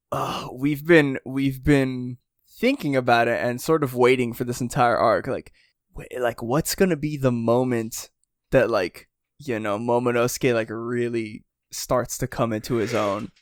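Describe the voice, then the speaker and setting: A man's voice: medium pitch, measured pace, dry recording, studio quality. Rambling man chatting on a podcast. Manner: rambling, lots of fillers and restarts; acts out character quotes in lively voices. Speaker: podcast co-host. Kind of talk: casual chat.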